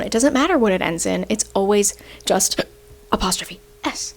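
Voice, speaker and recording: A woman's voice: mid-range voice, animated, a little fast, creaky. A young adult woman, a university student, explaining grammar and statistics in a chatty way, often ending sentences with "right?" while she has the hiccups. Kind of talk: casual explainer rant.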